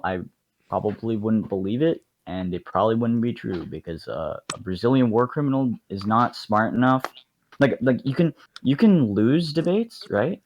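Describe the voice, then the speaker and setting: A man's voice: mid-range voice, lo-fi sound. A young man co-hosting a casual podcast, rambling and cocky in banter. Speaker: podcast co-host. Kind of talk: casual chat.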